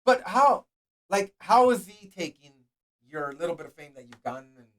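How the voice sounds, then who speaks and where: Chill podcast host guy, highish voice that jumps around, asks loose questions. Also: lively intonation, normal speed. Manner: loose, laid-back questioner. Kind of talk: casual interview chat.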